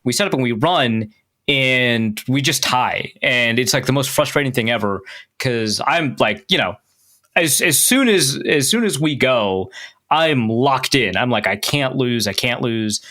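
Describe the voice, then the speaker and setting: A young man with a bright, forceful voice tells a story on a podcast. He is animated and self-mocking, and he laughs as he talks. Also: mid-range voice, a little slow. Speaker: podcast co-host. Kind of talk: casual storytelling chat.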